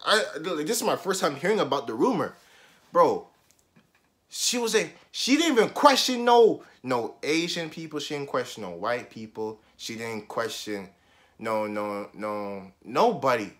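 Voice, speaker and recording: A young man telling a story from his school days in a casual vlog, animated and full of slang and swearing, jumping between loud outbursts and muttered asides. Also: medium pitch, measured pace.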